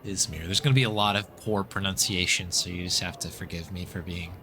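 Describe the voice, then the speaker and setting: A man's voice: deep voice, steady tone, a little fast, sharp tone, a little hiss or hum. An American man streaming a story game, reading its narration aloud with casual, chatty asides and thanking viewers.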